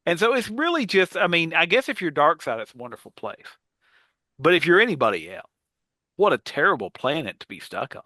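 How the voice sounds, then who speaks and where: A man's voice: a little high, very animated, a little fast, sharp tone, no echo. A man co-hosting a casual podcast, rambling with many fillers and restarts. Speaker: podcast co-host. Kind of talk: casual panel chat.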